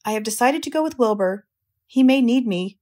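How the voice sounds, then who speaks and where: A woman doing a soft-spoken wise spider. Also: a little high, a little fast. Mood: calm. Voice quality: soft-spoken, calm, resolute. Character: wise gentle female barn spider.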